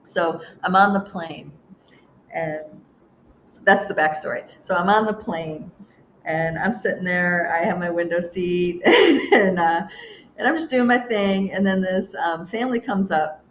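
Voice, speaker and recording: A woman's voice: lowish voice, animated, measured pace. A woman hosting a live spiritual chat, reading viewer comments aloud and rambling through a story with frequent laughs and restarts. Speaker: host. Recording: dull lo-fi sound with faint hiss.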